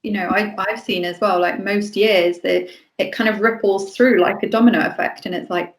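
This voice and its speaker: A woman's voice: medium pitch, fairly even intonation, normal speed, few pauses. Chatty woman in an echoey room. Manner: warm, chatty, laughs easily. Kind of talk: casual chat.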